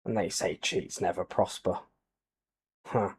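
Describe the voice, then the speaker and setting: A man giving soft-spoken ASMR commentary over a racing game, quiet and low-key, with dry jokes. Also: steady tone, unhurried, slightly rough. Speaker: gaming channel host.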